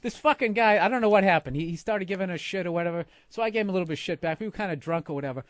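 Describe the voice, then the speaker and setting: Brief: male comic co-host, needling and profane, high voice, dry close sound. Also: rapid-fire, no room sound. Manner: ribbing, sarcastic, profane. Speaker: comedian co-host. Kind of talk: casual comedy chat.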